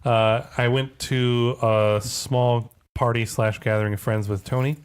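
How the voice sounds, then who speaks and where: A man's voice: medium pitch, flat delivery, unhurried, smooth. A young man hosting a podcast, telling rambling stories in casual chat and laughing often. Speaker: podcast host.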